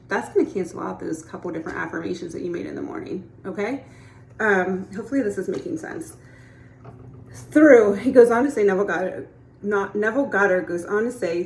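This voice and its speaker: A woman's voice: mid-range voice, a little fast, gravelly, a little mellow, reverberant, slight background noise, low-quality recording. A woman giving a casual teaching talk as a manifestation coach, chatty and encouraging, often checking in with the listener.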